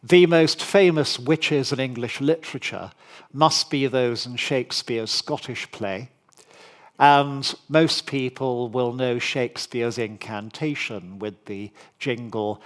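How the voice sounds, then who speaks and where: A man giving a formal public history lecture in a measured, deliberate way, with dry asides. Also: mid-range voice.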